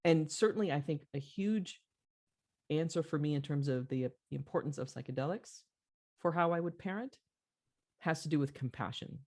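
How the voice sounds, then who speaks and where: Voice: medium pitch, moderate pace, darkish tone. A podcast host telling a story in an earnest, reflective conversational way, with frequent fillers.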